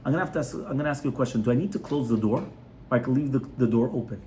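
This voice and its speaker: A man's voice: medium pitch, racing, dark tone, a little hiss or hum. A man, a rabbi, giving a conversational Torah class in a home, often checking in with his listeners. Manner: conversational teaching, frequent "right?" checks with the audience. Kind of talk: Torah class on child education. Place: residence, small class gathering.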